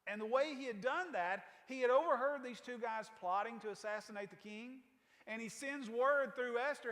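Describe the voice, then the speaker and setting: A male pastor preaches a sermon in a folksy, conversational way, full of casual asides to the congregation. His voice is pitched very high for a man. A long reverb from the church sanctuary trails his words. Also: normal speed, fairly bright tone.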